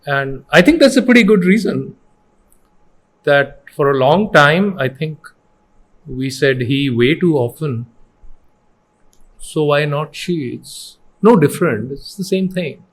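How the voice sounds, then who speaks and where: A middle-aged Indian man with an Indian English accent, founder of an education company, is a guest in an interview, earnestly telling stories and mixing in Hindi phrases. He's an animated storyteller who acts out quotes. His voice is on the high side, slow, with long pauses.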